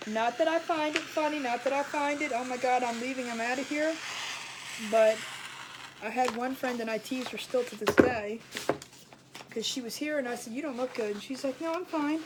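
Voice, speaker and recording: A middle-aged woman, a craft show host, telling stories in a chatty, rambling, colloquial way that grows animated as she retells them. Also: high-pitched, moderate pace, heavy background noise. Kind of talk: casual storytelling chat.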